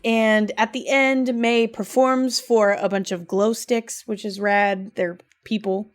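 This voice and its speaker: A woman's voice: mid-range voice, steady tone, slow. A young adult woman co-hosting a podcast, casually and emotionally recapping a video game with lots of filler words. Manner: gushing, emotional, lots of "like" and "rad". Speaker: podcast co-host.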